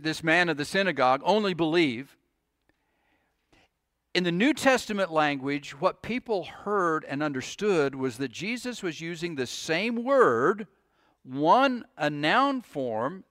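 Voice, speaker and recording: A man's voice: fairly high pitch, sing-song, measured pace, fairly bright tone, no room sound, clean studio sound. A man preaching a sermon to his congregation, earnest, often restarting his sentences and asking the listeners questions. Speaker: pastor.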